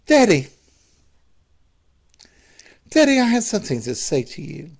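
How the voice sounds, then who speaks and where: A man voicing a nervous young adult son who speaks in a high, breathy, pleading voice. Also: huge pitch swings, unhurried, heavily acted.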